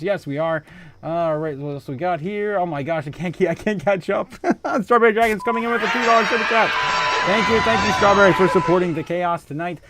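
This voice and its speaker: A man's voice: a little high, fairly bright tone. A man hosting a casual livestream, reading out viewer comments, laughing often and trailing off into fillers and exclamations. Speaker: livestream host.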